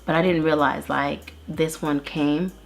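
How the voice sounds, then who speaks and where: A woman's voice: sits low, fairly even intonation, measured pace, gravelly. A woman in her thirties, an interview guest earnestly telling her own story with many restarts. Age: 30s. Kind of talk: candid personal testimony.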